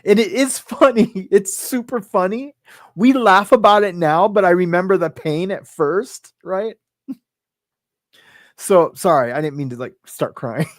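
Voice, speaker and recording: A man's voice: sits high, unhurried, no room sound. A middle-aged man telling a personal story as a podcast guest, rambling with lots of "right?" and "like", emotional and close to tears.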